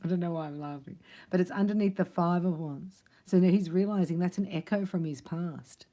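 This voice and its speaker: A woman's voice: fairly low pitch, brisk, dark tone. A woman doing a casual tarot reading, chatty and rambling, with frequent laughs between her thoughts. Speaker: tarot reader.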